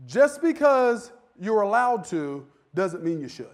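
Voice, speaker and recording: A man, a pastor, preaching a conversational sermon that swells into fervent shouting. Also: high-pitched, big pitch swings, measured pace.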